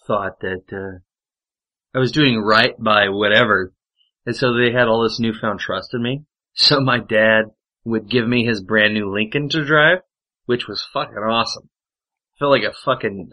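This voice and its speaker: A man's voice: on the low side, sharp tone, rough recording. A man telling rambling, profane anecdotes in casual chat, with lots of fillers and swearing. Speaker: podcast storyteller.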